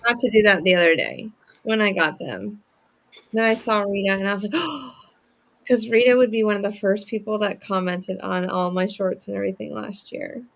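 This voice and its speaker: A woman's voice: medium pitch, a little fast, vocal fry, a bit bright. A woman chatting casually as a guest, talkative and enthusiastic. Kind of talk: casual chat.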